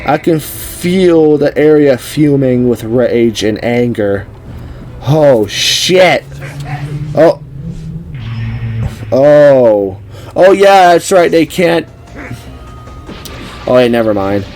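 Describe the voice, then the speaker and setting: A man hosting an anime reaction video, blurting curses and exclamations and thinking out loud. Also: medium pitch, expressive, takes it slowly, long pauses, soft background music, low-quality recording. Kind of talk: casual reaction commentary. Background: anime clip audio playing.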